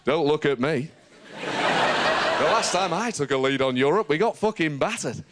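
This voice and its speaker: A man's voice: a little high, lively intonation, unhurried, a loud crowd, very noisy, voice pushed down. A man impersonating a bitter, weary male politician who swears.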